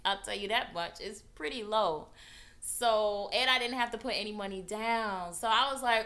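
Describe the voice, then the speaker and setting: Animated woman telling a story. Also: moderate pace. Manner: animated, acts out quotes with big pitch jumps. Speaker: vlogger. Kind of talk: casual storytelling.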